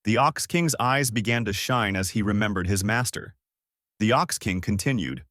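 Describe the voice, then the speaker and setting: Man narrating a fan story with a lively voice. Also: lowish voice, normal speed, dry recording, clean studio sound.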